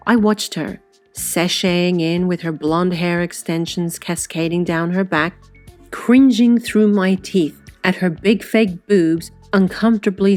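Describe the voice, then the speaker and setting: Low-voiced woman narrating an audiobook. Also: a little mellow. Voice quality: catty, sarcastic inner voice.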